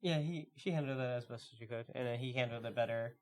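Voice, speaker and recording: A man co-hosting a podcast, chatting casually and reading stories aloud at a slow, relaxed pace with lots of fillers. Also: mid-range voice. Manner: relaxed, filler-heavy, reads stories slowly. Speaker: podcast co-host.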